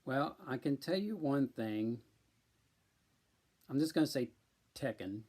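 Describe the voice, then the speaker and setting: Male streamer, deliberate unhurried delivery, filler-heavy casual chat. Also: medium pitch, animated, a little mellow. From central Illinois, USA. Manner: slow, deliberate, with many ums. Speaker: live stream host.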